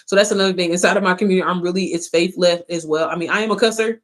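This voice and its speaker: A woman's voice: lowish voice, fairly even intonation, rapid-fire. A woman chatting casually on a livestream to her followers, playful and sassy, swearing freely and calling them sis and baby. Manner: calls listeners sis and baby. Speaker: online business coach.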